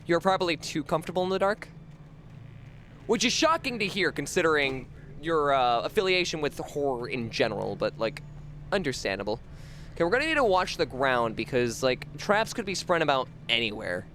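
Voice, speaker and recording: A man's voice: a little high, sing-song, brisk, a bit bright, a little hiss or hum. A man streaming a horror game, rambling and joking with his chat, swearing freely and sometimes chanting words over and over. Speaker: livestreamer. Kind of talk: casual gameplay commentary.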